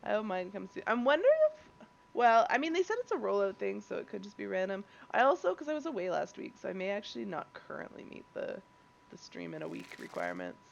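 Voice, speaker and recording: Congested, gravelly woman streamer. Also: mid-range voice, wildly swooping pitch, fast, muffled recording, a little hiss or hum. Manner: chatty, rambling, losing her train of thought. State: stuffed up, congested. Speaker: game streamer. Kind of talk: live gameplay stream chat.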